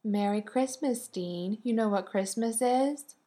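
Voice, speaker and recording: A woman's voice: on the high side, a little slow, warm tone, pitched above the performer's own voice, natural voice. A woman voicing a tender young mother.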